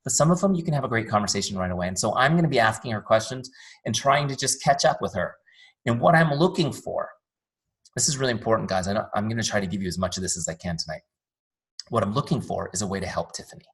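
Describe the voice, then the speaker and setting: A middle-aged man with a fairly low voice leads a live training session. He talks in a chatty, animated way and slips into stories and jokey asides. His pitch swings widely as he goes. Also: fast. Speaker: trainer and company founder. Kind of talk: live sales training talk.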